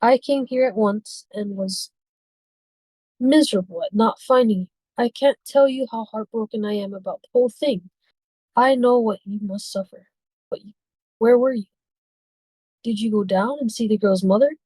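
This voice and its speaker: A woman's voice: a little high, moderate pace, long pauses, mellow, dry recording, lightly acted, rough recording. A woman reading as an earnest, reproachful male painter. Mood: concerned. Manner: pleading, reproachful reading aloud. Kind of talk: amateur read-aloud of a novel.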